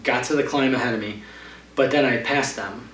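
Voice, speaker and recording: A man's voice: medium pitch, normal speed, a bit bright, a little hiss or hum. Man, rambling race story, roomy sound, distant mic. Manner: rambling, filler-heavy storytelling. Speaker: trail runner guest. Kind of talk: casual storytelling in a podcast interview.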